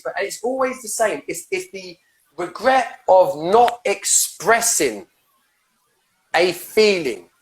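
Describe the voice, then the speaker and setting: A man talking as a soul coach on a podcast. He speaks with passion and emphasis, swears freely, and rambles, restarting and repeating words as he goes. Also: high voice. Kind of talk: podcast conversation about breathwork.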